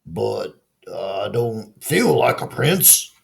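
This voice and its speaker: A man's voice: on the low side, sing-song, very slow, gravelly, husky, heavily acted. A man voicing an earnest, polite little male frog who believes he is a prince.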